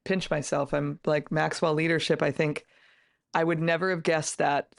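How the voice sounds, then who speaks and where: Gravelly-voiced middle-aged woman guest. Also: low-pitched, little pitch movement, moderate pace, dry recording, clean studio sound. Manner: emphatic and earnest, with many restarts. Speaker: podcast guest, author and entrepreneur. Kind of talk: casual interview conversation.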